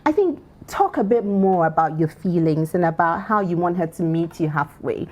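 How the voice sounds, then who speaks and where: A woman from Ghana co-hosting a chatty advice panel. Her pitch swings widely as she talks, with a slightly husky edge. She sounds playful and keeps laughing her way through tips. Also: moderate pace. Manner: animated, playful, laughs while advising. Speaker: co-host giving advice. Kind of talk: casual panel talk show.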